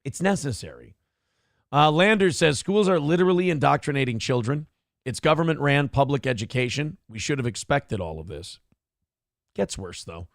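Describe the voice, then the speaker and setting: A man's voice: medium pitch, expressive, normal speed, creaky, dry recording, studio quality. A man hosting a livestream talk show. He reads viewer comments aloud and rants with plenty of profanity. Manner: ranting and profane. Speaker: live show host.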